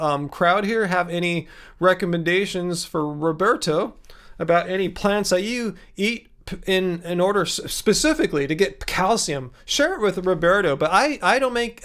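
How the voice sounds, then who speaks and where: A man's voice: high voice, fairly bright tone, clean tone. A man in his thirties hosting a casual livestream, rambling and joking with many fillers and restarts. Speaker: livestream host answering viewer questions.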